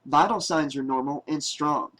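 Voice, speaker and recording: A man reading an audiobook voices a calm, clinical crew member who slowly reports vital signs in a matter-of-fact way. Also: fairly high pitch, lightly acted.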